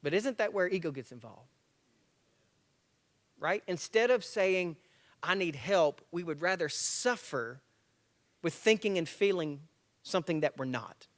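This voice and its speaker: Man, forties, high-pitched voice, guest speaker, motivational talk, acts out dialogue, self-mocking jokes, live church breakfast. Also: measured pace, long pauses. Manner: lively storyteller acting out dialogue.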